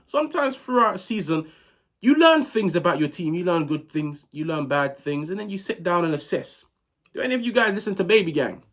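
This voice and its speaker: A man hosting a football match reaction video, telling it in a dramatic, animated way while he is sick. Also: high-pitched, brisk. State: sick, unwell. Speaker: football channel host.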